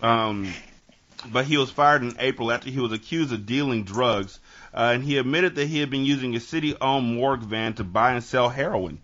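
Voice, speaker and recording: A man's voice: mid-range voice, moderate pace, a bit bright, lo-fi sound. A man hosting a podcast, reading out a news story in casual chat and breaking in with jokey asides. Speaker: podcast host.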